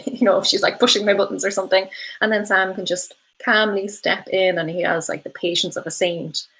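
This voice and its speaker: A woman's voice: mid-range voice, fairly even intonation, a little fast, a bit bright, slightly rough, low-quality recording. A woman hosting a casual live stream, chatting with viewers, often saying um and laughing between thoughts. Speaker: host of a live stream, reading viewer comments.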